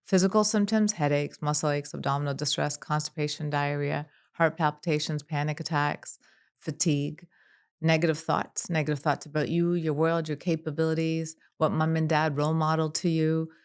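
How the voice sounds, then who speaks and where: Smooth-voiced woman psychologist, calm and measured. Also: deep voice. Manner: calm, measured, listing examples in long runs. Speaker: clinical psychologist guest. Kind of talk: podcast interview.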